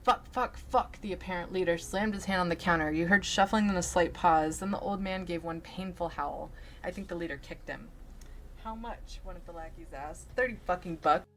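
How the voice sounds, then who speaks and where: Lower-voiced woman reading a story aloud. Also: fairly even intonation, slight background noise. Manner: deliberate, dramatic reading with muttered asides. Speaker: story reader.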